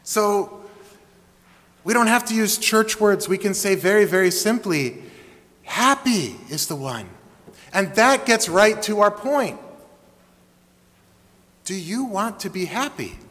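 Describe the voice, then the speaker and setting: A man's voice: high voice, unhurried, long pauses, a bit bright. A man preaching a sermon to his congregation, emphatic and engaging, with call-and-response. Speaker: pastor. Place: church sanctuary. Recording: long hall reverb.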